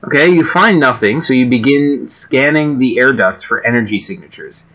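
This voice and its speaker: In a casual read-aloud of generated stories, a man who builds homemade games speaks with a medium-pitched, expressive voice at normal speed. His tone is bright and forceful, he interrupts himself with fillers and asides, and the recording is a little dull and lo-fi.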